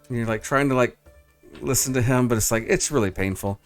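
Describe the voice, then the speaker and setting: A man's voice: medium pitch, fast talker, soft background music. Casual male game master narrating. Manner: casual, filler-heavy.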